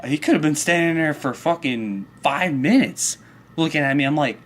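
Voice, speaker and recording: A man's voice: fairly high pitch, lively intonation, moderate pace. A man telling a story in a comedic angry rant, profane and worked up, rambling along with restarts. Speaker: vlogger.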